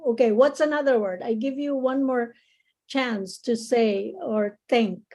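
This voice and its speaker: A woman's voice: on the high side, dark tone, low-quality recording. A woman tutoring English speaking on a video call, patiently explaining words and encouraging her students. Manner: patient, encouraging, explains slowly with many restarts. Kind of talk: online English lesson.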